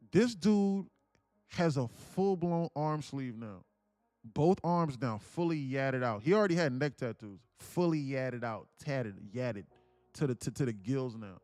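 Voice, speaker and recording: A man's voice: medium pitch, normal speed, a little mellow, no echo, soft background music. A man hosting a trading livestream, telling a long story in a rambling, emphatic way, full of "like" and swearing. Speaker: trading stream host.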